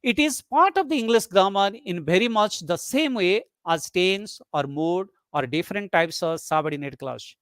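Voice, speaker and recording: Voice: mid-range voice, dry recording. A lecturer giving a methodical webinar lecture, restating each point and speaking example sentences aloud to demonstrate them. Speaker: lecturer on English intonation.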